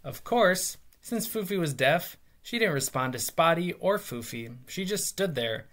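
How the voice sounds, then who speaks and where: A man, a teacher, reading a memoir aloud with lively, expressive storytelling. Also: a little high, unhurried.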